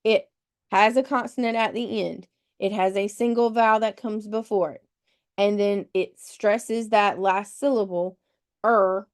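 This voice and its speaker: A woman's voice: mid-range voice, fairly even intonation, measured pace, darkish tone. A woman leading a test-prep webinar, patiently explaining rules step by step and spelling words out letter by letter. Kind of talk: live webinar teaching.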